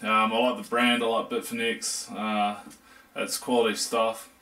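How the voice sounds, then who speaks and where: A man's voice: on the low side, flat delivery, unhurried, bright, forceful tone. A young man with a New Zealand accent giving a casual, jokey hands-on review of computer parts, rambling with fillers. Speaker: tech reviewer.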